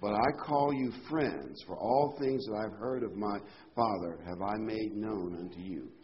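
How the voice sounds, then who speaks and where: A man preaching a sermon in a conversational, animated way. His pitch jumps up when he quotes people. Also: a little slow. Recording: dull lo-fi sound with faint noise.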